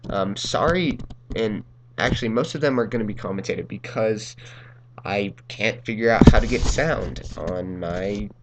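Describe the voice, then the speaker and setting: A man's voice: fairly low pitch, a little slow, very noisy. A young man hosting a gaming channel, telling a casual story over gameplay in a rambling way, full of ums and uhs and laughing through lines.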